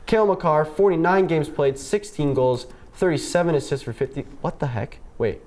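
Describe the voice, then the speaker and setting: A man's voice: fairly high pitch, moderate pace, a little mellow. A young man co-hosting a sports podcast, talking casually and rattling off numbers with fillers and restarts. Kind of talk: casual chat reading out stats.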